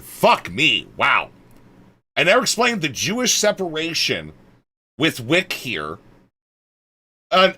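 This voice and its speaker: A man streaming live and chatting casually, swearing a lot and swinging from low mumbles to exasperated shouting. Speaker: livestreamer.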